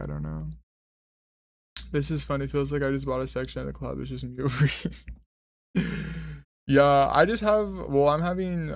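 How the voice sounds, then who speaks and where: A young man streaming, chatting loosely with his chat while high and half asleep, sassy and swearing as he rambles. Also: creaky, dry recording. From Mexican heritage. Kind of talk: casual stream chat reading comments.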